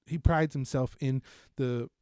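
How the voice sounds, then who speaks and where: A man's voice: mid-range voice, fairly even intonation, measured pace, mellow, clear, resonant tone, no echo, clean studio sound. A man co-hosting a casual podcast, talking through what he watched in a rambling, profane, self-mocking way. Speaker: podcast co-host. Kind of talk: casual chat reviewing shows.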